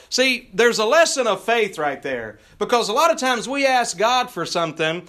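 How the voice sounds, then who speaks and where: A man preaching a sermon, reading scripture slowly for emphasis and adding folksy asides with frequent "uh" fillers. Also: very high voice, sing-song, bright, forceful tone. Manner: preaching with scripture reading in King James wording, drawn out for emphasis. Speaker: pastor.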